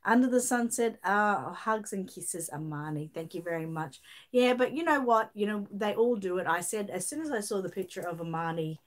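A woman's voice: medium pitch, expressive, moderate pace, hardly any pauses. A middle-aged Australian woman hosts a casual livestream, her voice a little throaty from a lingering chest infection. She chats easily and reads out viewers' comments as she goes. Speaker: livestream host.

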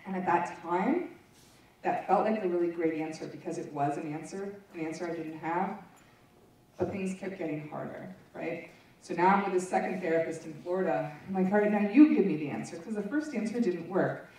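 A woman's voice: fairly low pitch, moderate pace, a little mellow. A woman presenter giving a candid personal testimony to an audience, speaking in a frank, conversational storytelling way. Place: large meeting room. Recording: echoey room, voice from far off.

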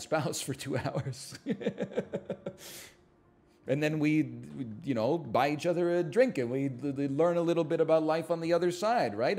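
A man in casual live-stream chat, sarcastic and quick to fake outrage. His voice sits at an ordinary middle pitch for a man. He talks to his audience as if he were ranting to friends. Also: darkish tone. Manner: sarcastic, mock-outraged rants.

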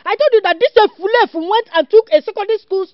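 Nigerian mother, high voice, rapid complaining, dry muffled film audio. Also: dry recording. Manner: fast, complaining, repeats herself. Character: scolding village mother, quick-tempered.

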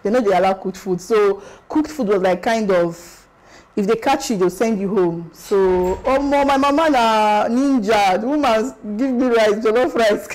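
Brief: young Nigerian woman, vlogger, lively exclamatory storyteller, mid-pitched voice. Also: moderate pace, poor audio. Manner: animated and exclamatory, slipping into Pidgin. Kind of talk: casual storytelling vlog.

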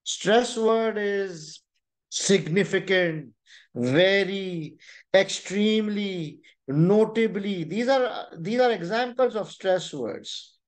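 A young adult man with a Pakistani English accent teaching an online exam-prep webinar, explaining points deliberately and checking in with "right?" and "you know". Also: sits high. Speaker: exam tutor.

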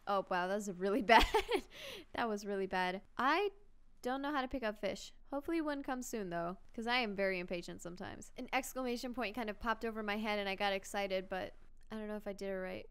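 Young woman, gaming host, chatty and excitable, mid-pitched, reads on-screen text aloud. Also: fast talker, clear, resonant tone. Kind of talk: casual let's-play commentary.

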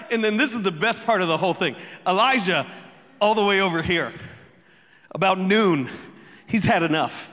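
Animated pastor preaching in a reverberant church. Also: male voice, high voice, normal speed, pauses often. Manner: animated storytelling, jokes and sudden shouts. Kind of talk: sermon. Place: church sanctuary.

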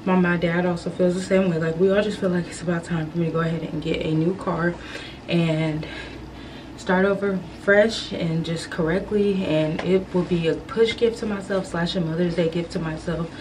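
A woman's voice: lowish voice, steady tone, moderate pace. A young woman chatting casually to camera in a loose, informal way, giving viewers updates on her day. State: out of breath after climbing stairs. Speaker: vlogger. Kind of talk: casual vlog chat. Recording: distant camera mic with background noise.

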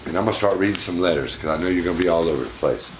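A man's voice: sits low, racing, very noisy. A man hosting a casual unboxing vlog, chatty and fond, often talking to his pets. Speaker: pet monkey owner and channel host.

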